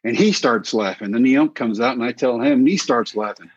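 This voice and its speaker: A middle-aged man from Texas, a former pitcher, telling lively anecdotes as an interview guest and acting out quoted voices. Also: brisk, breathy edge, no room sound. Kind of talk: casual storytelling. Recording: slightly dull dry sound.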